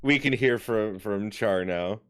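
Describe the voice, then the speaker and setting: A man's voice: on the low side, measured pace, clear, resonant tone. A young adult man streaming live, joking around with silly repeated catchphrases. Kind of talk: casual live-stream chat.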